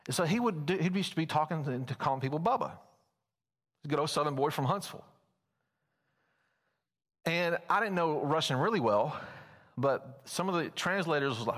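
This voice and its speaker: A man's voice: fairly high pitch, normal speed, long pauses. A man preaching a sermon as pastor, folksy and telling stories. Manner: folksy, storytelling, animated at times. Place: church sanctuary. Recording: long church reverb.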